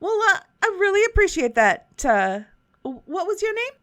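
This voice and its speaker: A woman plays a friendly but cagey, somewhat shady handyman and tinkerer, drawling in a put-on Southern accent and stumbling through folksy, roundabout phrasing. Her fairly high natural voice sits underneath, recorded close and dry with no echo, a bit bright in tone. The heavily acted delivery is sing-song at a moderate pace, with a curious mood.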